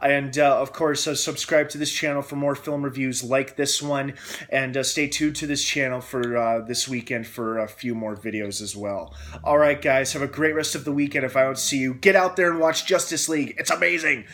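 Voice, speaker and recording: A young man hosting a casual film review, excitable and gushing, acting out scenes as he retells them. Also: medium pitch, normal speed.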